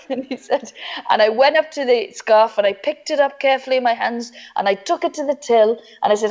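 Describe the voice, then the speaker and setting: Woman comedian, comic storyteller, higher voice, dull lo-fi stream sound. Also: brisk. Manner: animated, laughing through her own story, acting out quoted voices.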